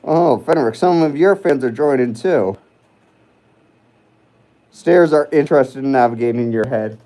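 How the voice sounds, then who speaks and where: Mellow-voiced man rambling on a livestream. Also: medium pitch, slow, long pauses, low-quality recording. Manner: rambling and hesitant, many fillers and restarts; chats with viewers while reading live comments. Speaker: livestream host. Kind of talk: casual livestream chat.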